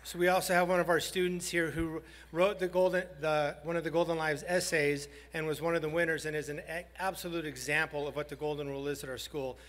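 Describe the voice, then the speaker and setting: A man, a high school principal, giving a heartfelt banquet speech and telling a story with some halting pauses. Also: flat delivery, a bit bright. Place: large banquet hall. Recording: hall reverb.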